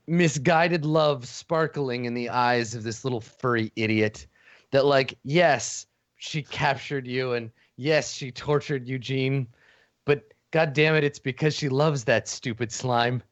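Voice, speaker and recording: Male game master, halting casual narration, swears, dull dry audio. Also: mid-range voice, no room sound.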